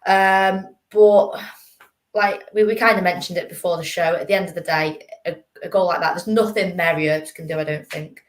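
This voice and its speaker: A woman's voice: fairly low pitch, fairly even intonation, normal speed. A woman on a fan panel, talking football casually and hesitantly, with lots of fillers. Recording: echoey room.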